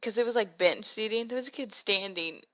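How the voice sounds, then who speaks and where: A woman's voice: medium pitch, a little fast. Brief: woman podcast co-host, blunt casual chat, dull lo-fi recording.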